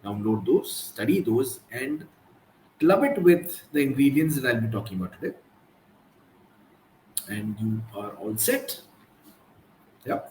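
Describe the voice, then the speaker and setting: A man with an Indian English accent hosting a casual live-stream talk, chatting loosely and slipping in quick Hindi asides. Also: medium pitch, lively intonation, darkish tone. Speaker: host of a live productivity talk. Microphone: live stream from computer. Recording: roomy echo, faint background noise.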